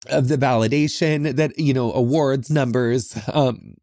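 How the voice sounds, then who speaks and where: Recording his own heartfelt solo podcast in a small closet, a middle-pitched man with a steady, darkish tone speaks earnestly. He chooses words slowly, with many pauses and restarts, and the sound is close and dry with no room echo.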